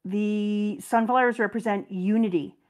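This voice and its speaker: A middle-aged woman reading a comic aloud to her child and chatting about it with enthusiastic, animated storytelling. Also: mid-range voice, a little slow. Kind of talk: casual read-aloud and chat.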